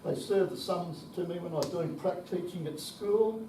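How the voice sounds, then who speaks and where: An Australian conference speaker in his seventies shares anecdotes peppered with cursing and chuckles. His voice sits high and keeps a normal speed against background noise. The recording has the echo of a hall and a far-off mic.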